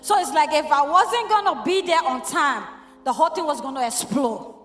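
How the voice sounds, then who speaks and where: A woman's voice: high-pitched, normal speed, a bit bright. A middle-aged woman telling an emotional story as a church testimony, quoting the people in it. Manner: emotional, storytelling with quoted dialogue. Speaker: church member giving testimony. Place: church hall. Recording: echoey church hall with faint music.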